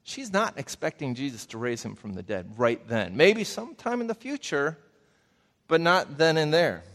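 A man's voice: on the high side, very animated, normal speed, a bit bright. A man preaching a conversational Bible teaching, folksy and talking straight to his listeners with questions. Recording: long reverb of a large hall.

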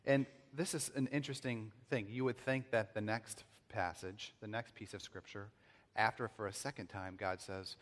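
A pastor with a low voice preaches at normal speed, his sermon echoing through a large, reverberant hall. He dramatically acts out scripture with loud, pleading outbursts, then drops to a hushed, reverent tone.

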